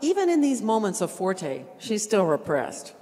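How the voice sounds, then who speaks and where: Lively woman coaching in a reverberant hall. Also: medium pitch, normal speed. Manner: lively, encouraging, acts out lines and sings examples. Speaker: masterclass teacher. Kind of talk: vocal coaching in a masterclass.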